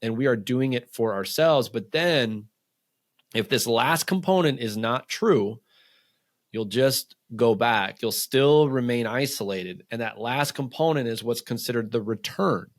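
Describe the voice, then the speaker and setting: A man speaking as a coach in a casual interview, talking quickly and loosely with many fillers, acting out what others say. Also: medium pitch, no echo, clean studio sound. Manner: fast, loose talk full of fillers, acts out quotes. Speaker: men's coach and podcast guest.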